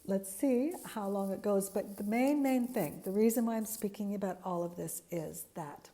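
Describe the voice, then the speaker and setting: A woman's voice: medium pitch, normal speed, warm tone. A woman giving an earnest, reflective spiritual talk, searching for words with frequent fillers and restarts. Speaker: spiritual teacher.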